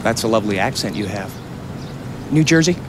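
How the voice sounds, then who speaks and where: A man's voice: fairly low pitch, lively intonation, a little fast, natural voice. An actor playing a dim-witted young male limo driver who chatters in a chirpy, giggly, clueless way. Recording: film clip with street traffic noise.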